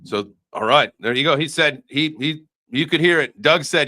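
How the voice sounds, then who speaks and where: A bright, upbeat man hosting a live stream in easygoing slang, calling on guests and thanking viewers. The sound is dry and close. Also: a little high, moderate pace, no room sound. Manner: upbeat, reads super chats, thanks viewers. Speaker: host.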